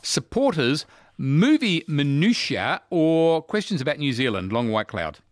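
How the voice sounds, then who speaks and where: A man's voice: a little high, big pitch swings, measured pace, dry recording, studio quality. A man hosting a casual talkback radio quiz, chatty and teasing with his callers.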